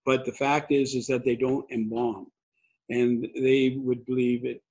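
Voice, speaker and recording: Older man, pastor, husky voice, halting conversational sermon, dull lo-fi sound. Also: mid-range voice, little pitch movement, a little mellow. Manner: rambling, many restarts and fillers. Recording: dull lo-fi recording.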